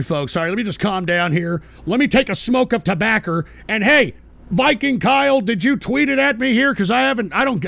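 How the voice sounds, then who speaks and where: A male radio host ranting live at trolls in his chat, swearing and yelling, then sighing to calm himself. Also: sits high, creaky. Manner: swings between fury and sighing calm. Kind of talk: live call-in style radio rant.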